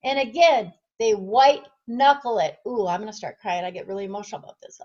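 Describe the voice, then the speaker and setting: A woman who is a fitness trainer and nutrition coach gives a passionate direct-to-camera motivational talk, putting rhetorical questions to her listeners. Her mid-range voice has a darkish tone and is brisk, with hardly any pauses, and the highs are cut off.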